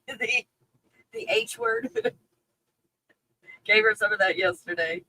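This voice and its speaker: A woman's voice: mid-range voice, huge pitch swings, slow pace, bright, forceful tone, a little hiss or hum, rough recording. A woman from Texas with a faint Texas accent, chatting casually on a livestream, reading viewer comments, swearing freely and laughing often. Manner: profane and candid, laughs often.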